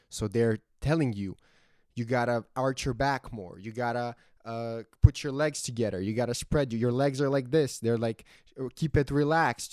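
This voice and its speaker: Low-voiced man telling a wild story. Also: no room sound, studio quality. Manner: animated, profane, acts out his own inner voice. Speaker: podcast host. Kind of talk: casual storytelling monologue.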